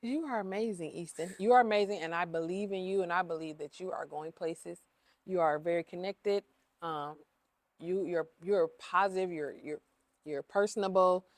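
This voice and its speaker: A woman's voice: lowish voice, normal speed, dry recording. A woman who owns a cleaning business, talking openly in a casual interview, emotional and repeating herself with lots of fillers. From Ohio.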